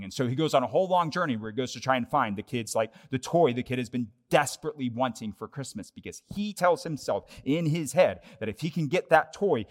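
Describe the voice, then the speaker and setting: A young adult man, a pastor, preaching a conversational sermon that moves between lively asides and hushed, earnest points. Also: mid-range voice, fast talker, hardly any pauses.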